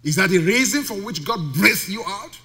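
A man's voice: high-pitched, expressive, normal speed, pushed and bright. A male pastor preaching a sermon, emphatic and full of rhetorical questions. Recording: long reverb of a large hall.

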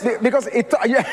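A man's voice: high voice, big-room sound. A man preaching a sermon as pastor, mixing scripture with storytelling and laughter.

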